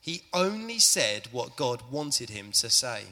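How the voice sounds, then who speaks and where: Taking it slowly in a mid-range voice, a church leader tells a Bible story to a family audience in a large church hall. He keeps it lively and chatty, regularly addressing the listeners.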